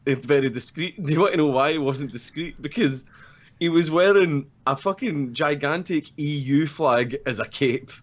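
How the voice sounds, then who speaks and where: A man's voice: fairly high pitch, normal speed. A young Scottish man telling a rambling, profane story in casual podcast chat, laughing often. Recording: slightly dull lo-fi audio.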